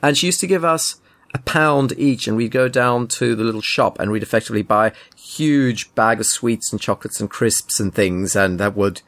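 A man's voice: medium pitch, normal speed, a bit bright. A man, co-hosting a podcast with dry, mock-pedantic teasing in casual chat. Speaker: podcast co-host.

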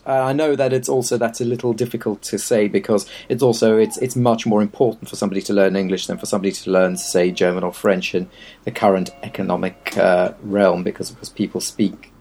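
Low-voiced opinionated man chatting. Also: steady tone, a little fast, creaky, darkish tone, breathy edge. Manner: opinionated, wry, meandering explanations. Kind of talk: casual chat.

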